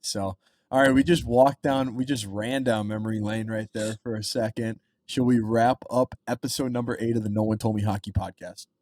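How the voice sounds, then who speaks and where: A man's voice: fairly low pitch, steady tone, moderate pace, darkish tone, no room sound. A young man in his twenties co-hosting a podcast, chatting casually and rambling with plenty of fillers. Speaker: podcast co-host. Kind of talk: casual chat.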